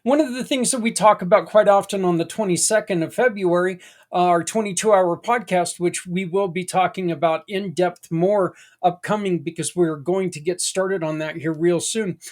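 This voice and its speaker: A middle-aged man hosts a podcast, talking at a normal speed in a high voice. His monologue is casual and folksy, rambling along with plenty of asides.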